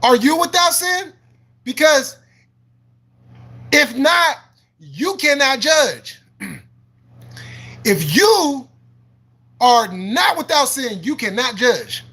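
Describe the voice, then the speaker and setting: High, bright-voiced man ranting on a livestream. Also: very animated, very slow, pauses often. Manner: combative, profane, repeats himself, laughs often; preachy and argumentative, quoting scripture. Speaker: livestream host. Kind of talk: live-stream rant answering chat.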